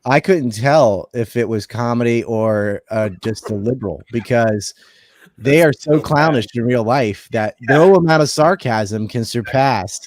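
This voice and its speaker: A man hosting a casual podcast chat, relaxed, clearing his throat now and then. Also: mid-range voice, measured pace. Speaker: podcast host.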